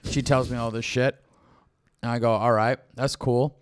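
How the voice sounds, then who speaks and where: Smooth-voiced young man telling a rambling story. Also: medium pitch, fairly even intonation, normal speed, dry recording, clean studio sound. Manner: rambling anecdotes, acts out both sides of dialogue. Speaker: comedian podcast co-host. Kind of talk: casual storytelling chat.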